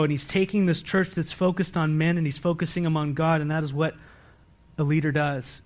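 A man's voice: a little high, flat delivery, fairly quick. A man giving a sermon as pastor, earnest and emphatic, with repeated phrases and rhetorical questions to the congregation.

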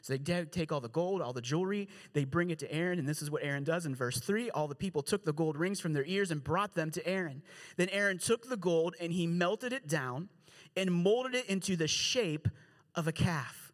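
High-voiced man preaching casually. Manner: animated, acts out characters in quick voices; slangy, joking asides. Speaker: pastor. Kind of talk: casual storytelling sermon.

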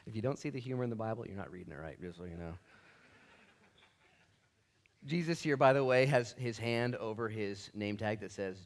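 A man pastor teaching a sermon Bible study in a church, animated and casual, with slangy jokes and asides. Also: fairly low pitch, moderate pace, long pauses.

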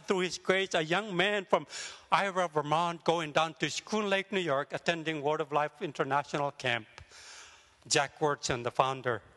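An older man giving a sermon as a guest speaker, telling a personal story vividly and moving between raised and hushed passages. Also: fairly high pitch, big-room sound. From grew up in a jungle village.

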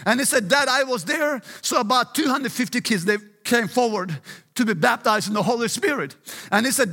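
Man, middle-aged pastor, high voice, emphatic sermon, long reverb. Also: expressive, brisk, pushed and bright, husky. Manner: emphatic preaching, frequent "listen" and "praise God".

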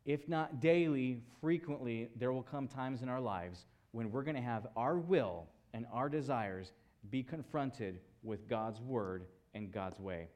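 A man delivers a sermon at an average pitch. He stresses his points with repetition and keeps returning to rhetorical questions. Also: measured pace, a little mellow. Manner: emphatic preaching with repeated phrases and rhetorical questions. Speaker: pastor.

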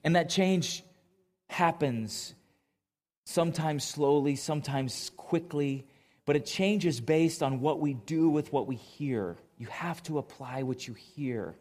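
A man's voice: on the high side, slow, darkish tone. A man preaching a conversational sermon as pastor to a church congregation, casual and emphatic, quizzing the audience.

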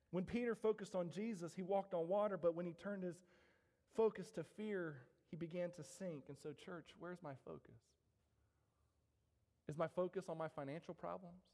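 A man with a high voice preaches a sermon to his congregation in a church. He speaks emphatically, repeats his key questions and keeps calling out to the church. His voice carries a long reverb from the hall. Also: darkish tone. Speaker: pastor. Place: church sanctuary.

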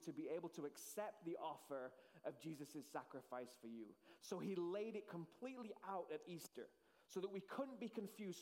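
A man preaching an earnest sermon with dramatic pauses. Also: sits high, a little mellow, long reverb tail. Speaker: pastor.

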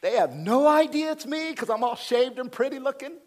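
A man's voice: extremely high pitch, expressive, normal speed, pitched above the performer's own voice. A man voicing a smug young man who gloats and teases as he plots his revenge. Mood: gloating. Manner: gloating, teasing.

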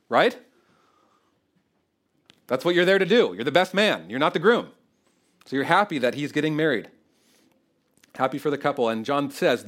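A man preaching an expository sermon in an animated, conversational way, often checking in with the congregation. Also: mid-range voice. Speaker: pastor.

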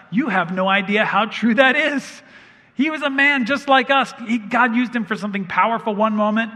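A man's voice: on the high side, sharp tone. A man in his thirties preaching a sermon as a pastor, telling stories with humor and animation. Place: large church hall. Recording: long reverb of a big hall.

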